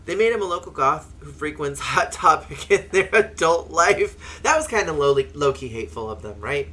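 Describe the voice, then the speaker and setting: A streamer reading a story game aloud and chatting with viewers in an expressive, chatty way. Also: medium pitch, moderate pace, a little hiss or hum. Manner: expressive, chatty, reads aloud and answers chat. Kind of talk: let's-play game reading and chat.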